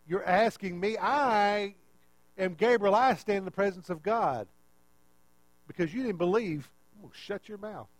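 A man's voice: sits high, a little slow, no echo, pitched above the performer's own voice. A preacher playing a stern, indignant male angel scolding a doubter.

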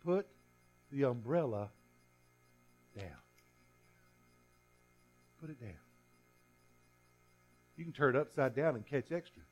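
A man's voice: mid-range voice, animated, slow, long pauses, muffled recording, faint music behind. A male pastor preaching a sermon earnestly, often restarting and repeating himself.

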